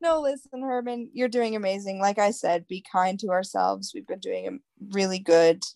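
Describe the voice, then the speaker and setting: A woman's voice: medium pitch, lively intonation, moderate pace, a little mellow, no room sound. A young woman, a college student about to graduate, chatting as a podcast guest, upbeat and encouraging, laughing often. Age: young adult. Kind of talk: casual chat.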